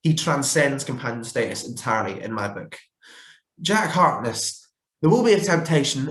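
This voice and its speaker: A man talks through his rankings in a casual, opinionated way, often pausing on fillers and correcting himself mid-sentence. His voice sits at an ordinary middle pitch. The recording carries a noticeable roomy echo. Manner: opinionated, chatty with frequent fillers and self-corrections. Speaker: fan reviewer ranking characters.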